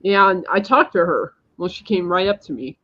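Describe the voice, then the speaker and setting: A woman's voice: fairly low pitch, animated, normal speed, fairly bright tone. Rambling woman podcaster, dull lo-fi sound. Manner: rambling, emphatic storytelling. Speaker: podcast host. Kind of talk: casual chat.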